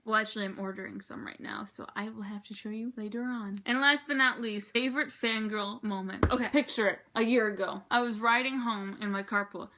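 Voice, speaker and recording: Bright, chatty teenage girl vlogger. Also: mid-range voice, fairly quick, hardly any pauses, slight background noise. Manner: rambling, excitable, chatty. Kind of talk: casual chat.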